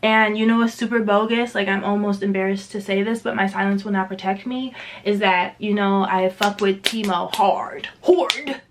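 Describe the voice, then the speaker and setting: A woman's voice: medium pitch, level tone, moderate pace, slight background noise, low-quality recording. A young woman reviewing a book in a casual vlog, candid and emphatic, swearing freely.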